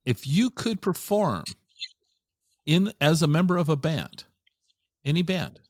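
Playful husky man asking questions. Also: on the high side, sing-song, a little slow, no echo, clean studio sound. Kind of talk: casual chat.

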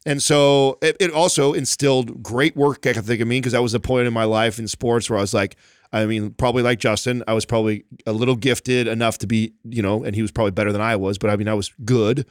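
A man co-hosting a casual chat, telling stories in an animated way, full of "like" and "bro". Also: medium pitch, fast, clear, resonant tone, dry recording, clean studio sound. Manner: animated storytelling, frequent "like" and "bro". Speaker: podcast co-host.

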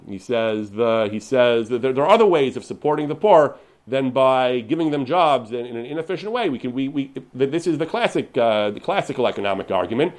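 Lecturing man, animated and restarting. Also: mid-range voice, a little fast. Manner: paraphrases sources in quotes, frequent restarts and fillers. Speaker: lecturer on Jewish law and history. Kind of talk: unscripted lecture.

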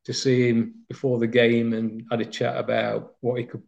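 His voice is medium-pitched, gravelly and a little mellow, delivered in a monotone at normal speed. This man from Nottinghamshire, England, reminisces about football in a rambling, story-filled interview with many fillers, recorded with slightly dull lo-fi sound.

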